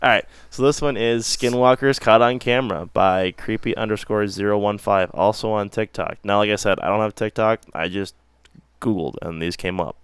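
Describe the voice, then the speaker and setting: A man's voice: lowish voice, fairly even intonation, moderate pace, clean tone, dry recording. A man hosting a casual podcast chat, loose and joking with crude humor. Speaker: podcast host.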